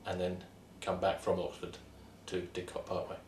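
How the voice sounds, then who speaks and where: A man's voice: deep voice, monotone, moderate pace, darkish tone, a little hiss or hum. A man co-hosting, telling a story about a train journey in a plain, matter-of-fact way. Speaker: co-host. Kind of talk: casual anecdote telling. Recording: roomy echo, distant mic.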